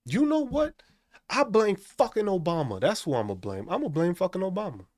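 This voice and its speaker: A male live stream host rants with constant profanity, and his pitch swings widely as he gets worked up. His voice sits a bit high, and it sounds dry and close to the mic. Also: normal speed, no echo. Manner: profane, animated ranting. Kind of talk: casual live stream rant.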